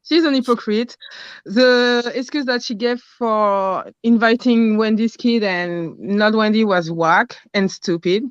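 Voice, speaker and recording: A woman with a French accent, a caller speaking bluntly in casual chat, often pausing to search for English words. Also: medium pitch, clean tone, no echo, muffled recording.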